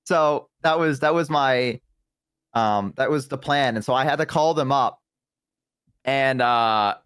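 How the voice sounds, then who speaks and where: A man's voice: mid-range voice, unhurried, smooth, no echo. A young man in his twenties with a Southern US accent, telling stories in casual chat and acting out what people said. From American South. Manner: animated, self-deprecating, acts out quotes. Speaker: streamer.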